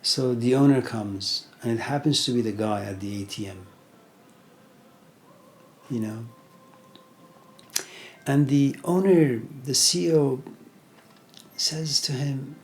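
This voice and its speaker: A man's voice: medium pitch, slow pace, pauses often. A middle-aged man giving an informal lecture, retelling a story in a conversational way with many fillers.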